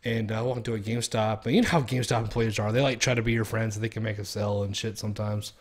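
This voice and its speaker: A man's voice: lowish voice, level tone, racing. A young man streaming, chatting casually in a rambling, profane way and laughing at his own stories. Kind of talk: casual chat.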